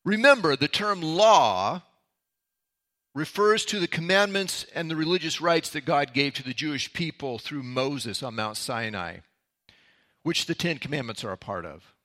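A man's voice: fairly high pitch, lively intonation, unhurried, bright, forceful tone. A man, a pastor, giving a conversational Bible teaching that opens with a story from his own life. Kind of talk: sermon-style Bible teaching.

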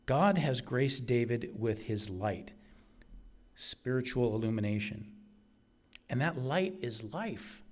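A man delivering a sermon at a slow, deliberate pace with a mid-range voice. He is earnest and emphatic, repeating key lines to drive them home. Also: mid-range voice, animated. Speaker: preacher.

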